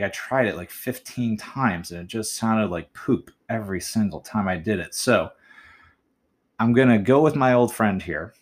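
Man, lowish voice, podcast host, chatty writing coach, muses aloud, encouraging. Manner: chatty and encouraging, addresses listeners as folks; muses aloud, weighing options with questions. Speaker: movie essay podcast host. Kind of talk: thinking-aloud writing tutorial.

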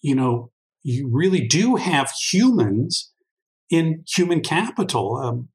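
A man's voice: a little high, very animated, takes it slowly, rough recording. A man answering interview questions at length in a thoughtful, conversational way, with frequent restarts and fillers. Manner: thoughtful, long-winded, many restarts and fillers. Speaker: guest expert on workforce intelligence.

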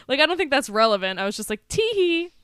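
Bright, clear woman gabbing casually. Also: on the high side, lively intonation, quick pace, no room sound, studio quality. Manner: swearing, many "like" fillers, acting out quotes. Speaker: podcast co-host. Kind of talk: casual chat recapping a film.

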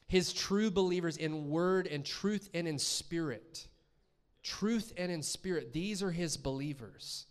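A male guest preacher gives a sermon in a church, his voice a little higher than most men's and his tone clean. He speaks a little slowly and conversationally, frequently putting questions to the congregation.

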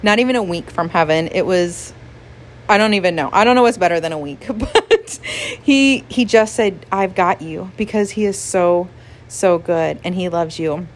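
A pastor's wife gives a casual, earnest devotional talk to listeners, emotional and quick to laugh and using "like" a lot. Her voice is on the low side, with lively intonation.

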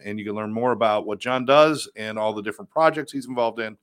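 A man's voice: fairly low pitch, fast talker, fairly bright tone. Joking male talk-show co-host. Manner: loose, joking, many fillers. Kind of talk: casual show hosting.

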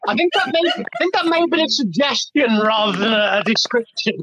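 A panel guest reading a passage aloud with dry, deadpan delivery. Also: medium pitch, a little fast, very noisy.

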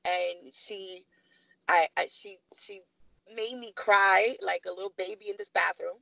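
Gravelly-voiced woman telling a personal story. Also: mid-range voice, measured pace, no room sound, poor audio. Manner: animated, acts out quoted voices. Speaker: podcast guest. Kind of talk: candid storytelling.

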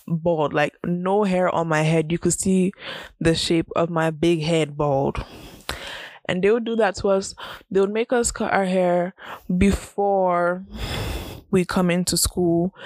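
A woman's voice: on the low side, no echo. A young woman, hosting a podcast and telling a story in a chatty, casual way, laughing often. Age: young adult. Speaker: podcast host.

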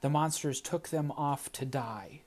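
A man reading an audiobook, voicing a proud, weary male sky god who speaks in a measured, accusing way. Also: a little high, a little mellow, lightly acted. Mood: stern.

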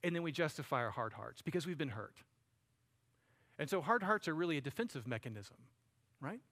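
A man's voice: on the high side, expressive, fairly quick, a bit bright. A man preaching a sermon, talking to the congregation in a conversational way and calling them buddy and friends. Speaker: pastor.

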